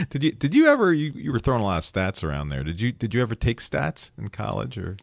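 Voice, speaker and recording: A man's voice: medium pitch, wildly swooping pitch, creaky, no room sound, clean studio sound. A man co-hosting a podcast with his fellow pediatrician, teasing his co-host and laughing easily in casual chat. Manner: teasing, quick to laugh, wry asides.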